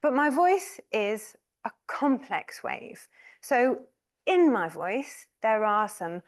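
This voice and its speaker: A woman delivers a university lecture in a loose, conversational way. Her voice is fairly high-pitched, and she talks with an easy, informal manner. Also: big pitch swings, takes it slowly. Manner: chatty and informal, with laughs and fillers. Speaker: professor giving an inaugural lecture.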